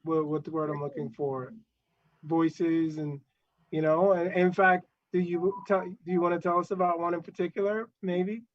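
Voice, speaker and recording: A man hosts a casual live show, friendly but hesitant as he restarts his sentences. His voice sits a little high, and the video call audio is dull. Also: level tone, normal speed. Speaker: show host. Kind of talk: casual hosting chat.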